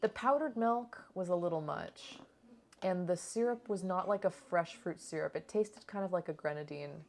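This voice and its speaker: A woman's voice: lowish voice, normal speed, slight background noise. Chatty woman narrating her travel vlog. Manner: chatty and rambling, swears and laughs often. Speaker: cooking channel vlogger. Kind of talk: casual travel vlog voice-over.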